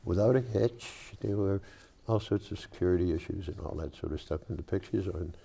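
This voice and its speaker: A man's voice: low-pitched, a little fast, gravelly, husky. An older man from South Boston with a Boston accent, chatting casually as a host and telling rambling stories full of fillers. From South Boston, Massachusetts. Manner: rambling, animated storyteller with many fillers. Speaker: local cable show host. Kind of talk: casual chat.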